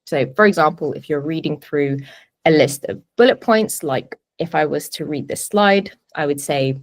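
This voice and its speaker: Woman with a lowish voice teaching presenting skills on a video call from home, clear and deliberate. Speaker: presentation coach. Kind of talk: webinar teaching. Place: home office. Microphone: video call webinar.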